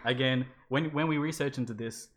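A woman co-hosting a podcast tells a spooky story in relaxed conversation, swearing freely and laughing a lot. Her voice is bass-deep and a little fast.

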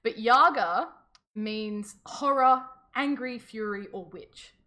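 A woman co-hosting a podcast, telling a folklore story in a giggly, animated casual chat. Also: on the high side, slow. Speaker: podcast co-host.

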